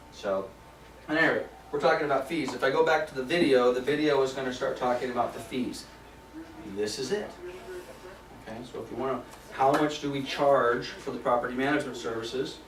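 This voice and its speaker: A man's voice: medium pitch, slight background noise. Guy running a training class for agents, chatty, leans on key words, sounds kinda far off in an echoey room. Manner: conversational, repeats key points for emphasis. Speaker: property management trainer.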